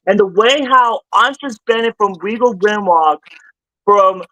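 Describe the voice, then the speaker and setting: A man with a high voice talks on a home livestream. He rambles, repeats himself and climbs higher when upset. The sound is dry with no room echo. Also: takes it slowly, dull audio. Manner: rambling, repeats and restarts phrases, gets louder and higher when worked up. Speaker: streamer. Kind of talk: casual livestream chat.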